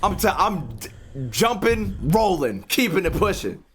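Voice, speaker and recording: A young male streamer reacting live, chatting to his audience in a loose, profane, excitable way. His voice sits a little high and jumps all over the place, from hushed, nervous muttering to sudden shrieks. A faint hiss lingers behind him. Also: a little slow. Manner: excitable, profane, talks to chat, yelps when startled.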